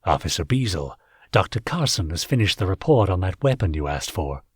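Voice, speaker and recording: A man voicing a tall alien police sergeant who speaks in a calm, matter-of-fact way. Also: low voice, a little fast, husky, no echo, clean studio sound, pitched below the performer's own voice, full character voice. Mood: plain.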